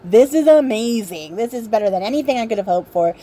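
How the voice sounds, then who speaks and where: A woman's voice: on the high side, lively intonation, brisk, mellow, a little hiss or hum, natural voice. Gushing self-centred young prince, as a woman puts him on, casual storytelling voice.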